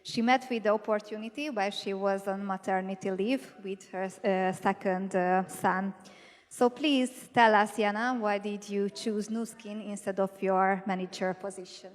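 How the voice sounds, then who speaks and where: A woman's voice: mid-range voice, steady tone, normal speed. A woman moderator formally introducing the next panelist on stage. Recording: reverberant hall with audience.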